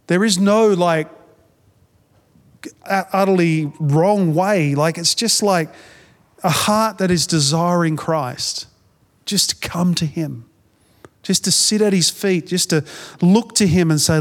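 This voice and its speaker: A man's voice: on the high side, a little slow, long reverb tail. A man preaching as a pastor in a conversational sermon style, earnest, often repeating phrases and restarting sentences.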